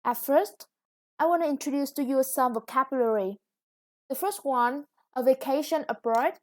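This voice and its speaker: A woman's voice: high voice, normal speed. A woman English teacher with a Vietnamese accent, explaining a lesson patiently. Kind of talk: recorded classroom lesson.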